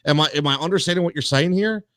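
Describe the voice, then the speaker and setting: A man's voice: a little high, fast talker, a bit bright, dry recording. A man hosting a sports talk show, ranting in a heated, worked-up way with many restarts and repeated words.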